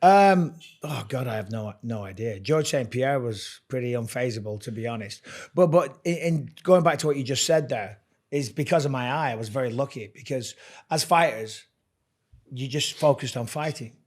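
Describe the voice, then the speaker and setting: A man's voice: mid-range voice, lively intonation, moderate pace. A middle-aged English man, a guest and fight commentator, chatting casually and swearing as he tells stories. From England. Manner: chatty storyteller, swears freely, laughs at own stories. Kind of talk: casual podcast chat.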